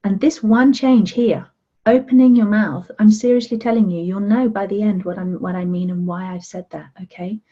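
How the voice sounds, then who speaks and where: A woman coach leading a guided relaxation session, softly coaxing listeners and gently insisting they follow her guidance. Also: mid-range voice, fairly even intonation, normal speed, highs cut off. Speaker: self-love coach.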